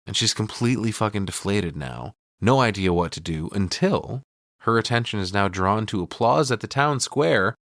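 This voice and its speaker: A man's voice: fairly low pitch, normal speed, vocal fry, dry recording, studio quality. A man co-hosting a casual podcast, recapping a film with lots of swearing and acting out the characters' lines. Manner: lively storytelling, acts out characters' lines.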